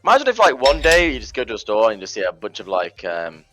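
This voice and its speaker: A man's voice: on the low side, wildly swooping pitch, fast talker. A slightly drunk young man chatting as a stream guest, joking and playfully boastful. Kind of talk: casual chat. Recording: music playing faintly behind.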